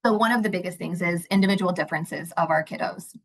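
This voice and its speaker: A woman's voice: on the low side, quick pace, poor audio. A woman, a mental health director, giving a conversational webinar talk and telling stories from her work with children. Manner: warm, conversational, acts out a child's voice in anecdotes. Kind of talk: webinar presentation with storytelling.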